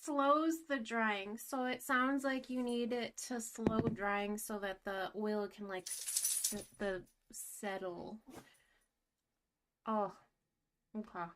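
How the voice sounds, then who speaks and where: A young woman vlogging as she paints, talking in a giddy, gushing, excitable way. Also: a little high, takes it slowly, a little hiss or hum. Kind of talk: casual vlog talk to camera.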